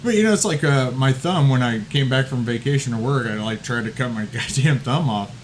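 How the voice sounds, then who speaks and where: A man's voice: medium pitch, brisk, slight background noise. A man hosting a casual podcast, telling stories with lots of swearing and laughter and acting out what people said. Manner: profane, laughing storyteller who acts out quotes. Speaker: podcast host.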